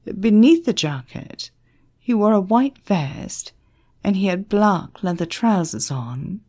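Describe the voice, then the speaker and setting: A woman narrating an audiobook in an expressive, measured storytelling manner. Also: mid-range voice.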